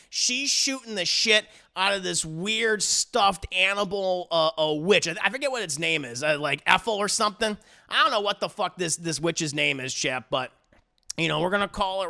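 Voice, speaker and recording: A man's voice: on the high side, moderate pace, creaky, bright, forceful tone. A man reviewing an anime episode in casual recap commentary, rambling and profane, with frequent restarts.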